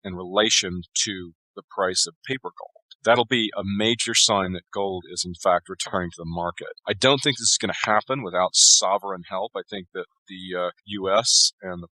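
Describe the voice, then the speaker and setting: A man with a low, forceful voice answers interview questions at length, laying out his views in steady, explanatory runs. The sound is close and dry, with no room around it. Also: normal speed, hardly any pauses, no room sound, poor audio. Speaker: author guest. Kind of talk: conversational interview.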